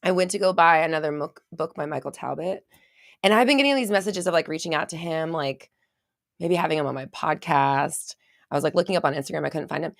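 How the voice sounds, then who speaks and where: Rambling low-voiced woman on a live stream. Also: fast, creaky, dry recording, clean studio sound. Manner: rambling, chatty, reads viewer comments aloud. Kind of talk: casual live stream chat.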